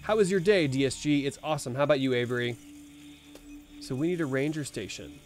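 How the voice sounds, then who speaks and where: A young man hosting a live game stream, talking easily to his viewers and reading menus aloud. His pitch sits in an ordinary middle range, and soft music plays faintly underneath his voice. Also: expressive, brisk. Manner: chatty, reads game text aloud and talks to chat. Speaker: gaming streamer. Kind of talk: live let's play commentary.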